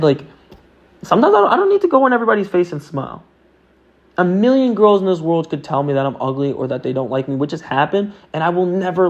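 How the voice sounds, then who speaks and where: Young man, slightly high voice, earnest and rambling vlog monologue, dull lo-fi recording. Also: darkish tone. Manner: earnest, rambling, with many fillers. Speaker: vlogger. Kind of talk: casual self-talk monologue. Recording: dull lo-fi sound.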